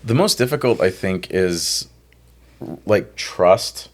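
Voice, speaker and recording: Deep-voiced man giving casual advice. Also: slow. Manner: relaxed, reflective, uses filler "like" often. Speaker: life and love coach.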